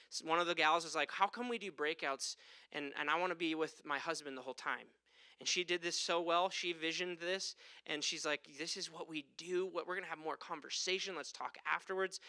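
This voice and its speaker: A man with a very bright, crisp voice leads a training talk for church small-group leaders. He speaks animatedly, acts out bits of dialogue and puts questions to the room. The sound is dry and close. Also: fairly high pitch, no echo.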